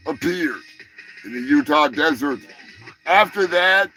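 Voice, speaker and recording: A man's voice: on the high side, big pitch swings, a little slow, pushed and bright, soft background music. A man hosting a comedy news show, rambling through crude jokes and profane asides. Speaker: host. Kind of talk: casual comedy chat.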